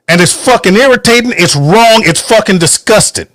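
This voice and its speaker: A man's voice: sits high, animated, moderate pace, hardly any pauses, a bit bright, dry recording, studio quality. A man hosting a podcast, giving a heated, profane, emphatic political rant from home. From United States. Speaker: podcast host. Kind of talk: angry political monologue.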